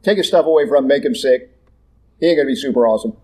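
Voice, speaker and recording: A man's voice: mid-range voice, rapid-fire, warm tone, voice pushed down, close to an everyday voice. A male preacher voicing a scornful devil who mocks and dismisses, in a sneering casual drawl. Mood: scoffing.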